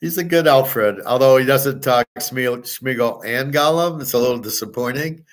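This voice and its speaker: An older man talks in a loose, rambling monologue as the host of his own show. He is blunt and swears freely, firing off rhetorical questions in a mid-pitched voice. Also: normal speed. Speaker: sports betting and gold commentary host.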